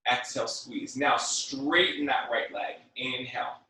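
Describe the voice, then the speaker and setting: Echoey, slow-paced male workout instructor. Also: medium pitch. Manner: calm breath cues mixed with chatty, joking asides. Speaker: fitness and yoga instructor. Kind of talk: guided workout class. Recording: very echoey room, mic at a distance.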